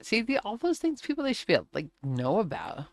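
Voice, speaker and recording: Woman gamer rambling on stream, gravelly voice, dry close mic, laughs a lot. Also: medium pitch, huge pitch swings, fairly quick, darkish tone, no room sound. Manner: chatty storytelling, laughs often, acts out quotes. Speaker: gaming streamer. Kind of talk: casual chat while playing a flight game.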